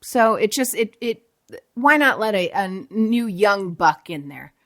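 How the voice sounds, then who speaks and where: A woman in a relaxed podcast chat, talking freely and often making fun of herself. She speaks at an ordinary mid pitch, like a former morning TV presenter trading stories. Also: a little slow. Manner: chatty and self-mocking. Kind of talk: casual chat.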